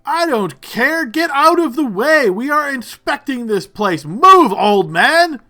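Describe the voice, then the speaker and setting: A man voicing rough armed guards who bark orders in a high, loud, contemptuous voice. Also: very animated, takes it slowly, full character voice. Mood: bullying shout. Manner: shouting, brash and contemptuous.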